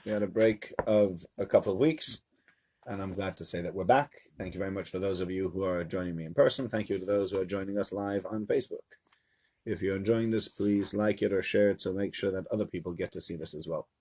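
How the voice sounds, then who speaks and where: A man, a rabbi, teaching a live-streamed Torah lesson to a small audience in a room, in an animated, chatty storytelling manner. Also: low voice, a little fast, slightly rough. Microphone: camera mic.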